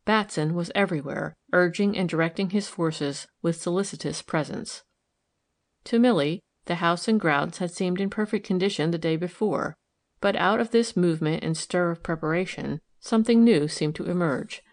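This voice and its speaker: A woman narrating a novel in an even, measured reading style. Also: fairly low pitch. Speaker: audiobook narrator. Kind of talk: scripted narration.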